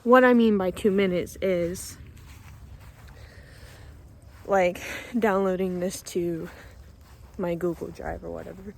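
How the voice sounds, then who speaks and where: Young woman, casual outdoor vlog, soft and emotional, slightly breathless, faint outdoor hiss. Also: fairly low pitch, fairly even intonation, slow, gravelly, pauses often. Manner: soft-spoken, emotional, laughs often. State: breathing a little hard from cold. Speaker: vlogger. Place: outdoors by a pond at dusk.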